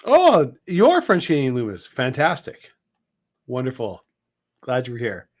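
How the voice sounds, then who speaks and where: Slow-talking guy co-hosting a live stream, rambly and jokey. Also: mid-range voice, huge pitch swings. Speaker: co-host. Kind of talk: casual live-stream chat.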